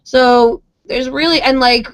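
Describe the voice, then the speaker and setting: Relaxed woman guest on a podcast. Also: high voice, takes it slowly, dry recording. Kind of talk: casual podcast chat.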